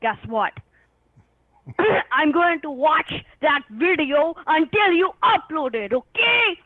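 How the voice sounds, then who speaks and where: A woman on a phone call, impatient and loud, shouting, cursing and cackling. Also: sits high, animated, slow pace, no room sound. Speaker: phone scammer being pranked. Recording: tinny phone line.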